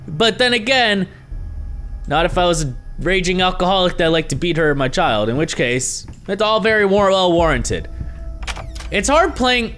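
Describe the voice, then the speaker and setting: Young man, gaming commentary, lively swinging pitch, bright tone, jokey, swearing. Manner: animated, jokey, swearing reactions to the game. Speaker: gaming YouTuber. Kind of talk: let's play commentary.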